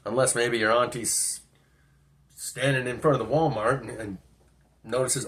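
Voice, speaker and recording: A man's voice: medium pitch, normal speed, long pauses, fairly bright tone. A man telling a personal story in a rambling, musing monologue, often asking himself questions. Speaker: vlogger.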